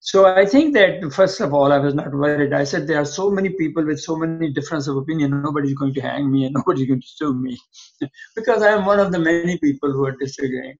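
Speaking quickly in a slightly high, gravelly voice, this older physician spins long stories as an interview guest, playing both parties in conversations from his past. The recording sounds dull and lo-fi.

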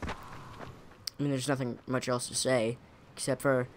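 A man's voice: medium pitch, little pitch movement, normal speed. A young man giving casual, rambling commentary over his own gameplay, often correcting himself mid-sentence. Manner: rambling, self-correcting, chuckling. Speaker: gaming YouTuber. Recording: audible background noise.

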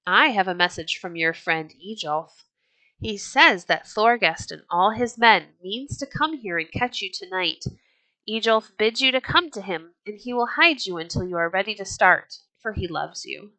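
A woman reading the lines of an urgent, hurried male messenger in a brisk manner. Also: medium pitch, animated, bright, forceful tone, dry recording, rough recording.

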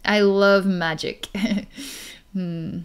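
A woman's voice: medium pitch, steady tone, very slow, clean tone. A woman narrating a psychic healing session, rambling with fillers and restarts and breaking into light laughs. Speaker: psychic reader.

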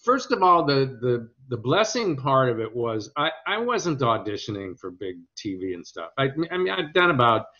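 A man in an interview recalls his acting work at an easy conversational pace, often restarting sentences. His voice sits in a middle pitch. The audio is dull and lo-fi. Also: moderate pace, hardly any pauses. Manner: storytelling, hesitant restarts, quotes others in lively voices. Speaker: actor guest.

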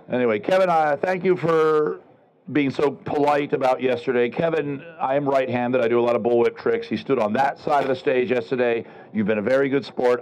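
A man's voice: medium pitch, darkish tone, dull audio. A middle-aged man performing a live outdoor comedy show at a renaissance fair, teasing the audience with sarcastic banter and calling people over. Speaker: street comedian and juggler.

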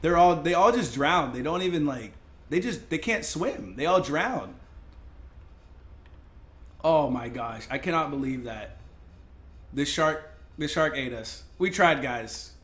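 A young man giving live gameplay commentary as a streamer, excitable, breaking into yells and laughs. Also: fairly high pitch, unhurried, pauses often. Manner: excitable, yelling and laughing in bursts. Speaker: gaming streamer.

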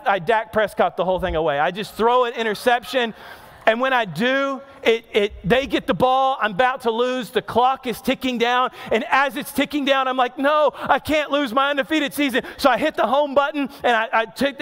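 A man's voice: extremely high pitch, a bit bright. A male pastor in his thirties preaching in a church, moving between chatty storytelling with asides to the crowd and emphatic, repeated questions. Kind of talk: sermon. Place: church auditorium. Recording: long reverb of a large hall.

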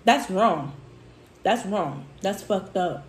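A woman's voice: mid-range voice, lively intonation, slow, reverberant, slight background noise. A woman speaking who vents about work in a heated, profane storytime chat, tearful at times. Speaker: food vlogger.

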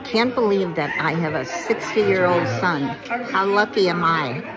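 An older woman, the proud mother, speaks gently and lovingly in a lowish voice. A loud party crowd fills the background. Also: unhurried. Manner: tender, proud. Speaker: mother of the birthday man. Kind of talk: casual heartfelt video message. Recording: loud crowd chatter behind.

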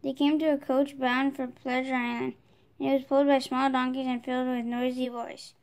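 A woman reading a children's storybook aloud, steady, with small restarts. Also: high voice, a little fast. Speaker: storybook reader.

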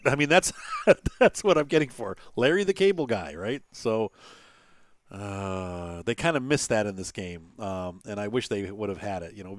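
A man's voice: on the low side, no room sound. A man hosting a gaming channel, giving casual gameplay commentary in a rambling way, with many fillers and little chuckles. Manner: chuckles between remarks.

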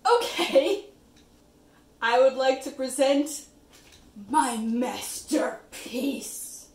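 A woman's voice: high-pitched, roomy sound, slight background noise. A young woman vlogger chatting wryly and poking fun at herself. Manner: wry and self-mocking, unhurried. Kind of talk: casual vlog chat.

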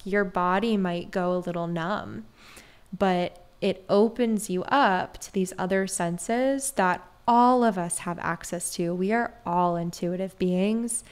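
A woman guest on a podcast, a breathwork mentor, telling stories in an animated, chatty way, often saying "like". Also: on the low side, creaky. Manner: animated, peppered with "like". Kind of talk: conversational storytelling.

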